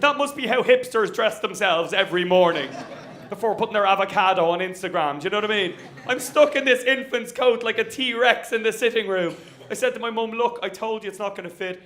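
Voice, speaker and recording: Irish male comic, very high voice, punchy self-mocking stand-up. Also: brisk, fairly bright tone. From Ireland. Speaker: stand-up comedian. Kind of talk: stand-up set. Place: comedy venue with live audience.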